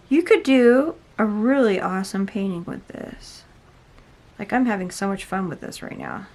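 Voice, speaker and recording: A woman hosting an unboxing video, chatting casually and gushing with loud exclamations as she tries a paint product. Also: medium pitch. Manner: gushing, exclaims often and addresses viewers as "you guys". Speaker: unboxing and product review host. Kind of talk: excited casual unboxing chat.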